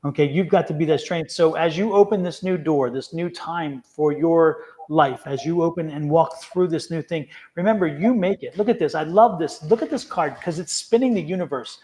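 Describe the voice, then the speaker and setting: A man's voice: a little high, moderate pace, few pauses, a little mellow. A man tarot reader giving careful, encouraging advice in a casual live reading, sometimes hesitating over his words.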